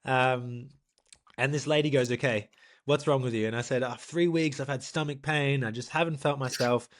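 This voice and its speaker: A young man, a professional triathlete, co-hosting a podcast and telling a story in a lively, animated way, acting out what people said. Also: mid-range voice, normal speed. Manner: animated storyteller, acts out quotes, laughs often. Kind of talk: casual storytelling chat.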